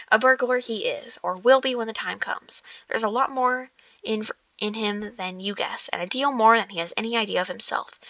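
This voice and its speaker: A woman's voice: on the high side, gravelly, pushed and bright, dry recording. A woman reading as a stern old wizard. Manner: stumbling, self-correcting reading. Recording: dull lo-fi recording.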